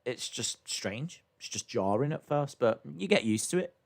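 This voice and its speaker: Young man, mid-pitched, rambling live reactor who thinks aloud with lots of fillers. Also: animated, normal speed. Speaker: live stream host reacting to wrestling. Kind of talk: casual live reaction commentary.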